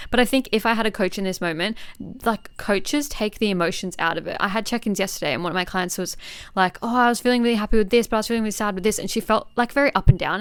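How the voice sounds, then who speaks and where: A young woman in her twenties talks through a solo podcast at a rapid clip, fired-up and blunt, swearing as she goes. Her voice is smooth and clear. The recording is dry and close, with no room sound. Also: mid-range voice, dry recording. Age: 20s. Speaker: podcast host and fitness coach. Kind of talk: casual solo podcast monologue.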